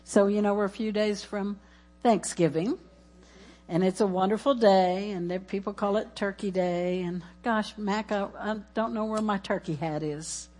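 A woman's voice: medium pitch, steady tone, moderate pace, darkish tone. A woman preaching in church, exuberant and laughing as she chants scripture and calls out praise. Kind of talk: sermon.

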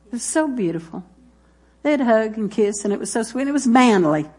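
A woman's voice: fairly high pitch, expressive, moderate pace, a little mellow, slightly rough. A woman preaching a sermon, talking straight to her listeners and repeating phrases for emphasis.

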